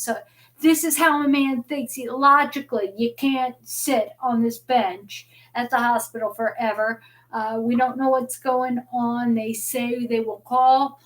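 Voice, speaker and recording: A middle-aged woman hosting a live talk stream, rambling and often repeating words as she restarts her sentences. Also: fairly high pitch. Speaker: host.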